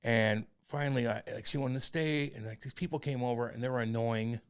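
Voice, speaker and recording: Guy in his 40s swearing a lot, rambling podcast chat, gets loud. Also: mid-range voice, steady tone, brisk, clean tone. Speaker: podcast co-host. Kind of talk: candid casual chat.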